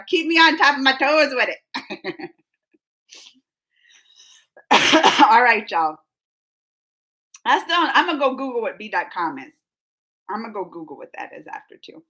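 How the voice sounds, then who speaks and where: A woman's voice: on the high side, pushed and bright. A woman, chatting on a livestream, laughing and calling viewers by name while her throat keeps catching and she coughs. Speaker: livestream host. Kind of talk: casual chat reading viewer comments.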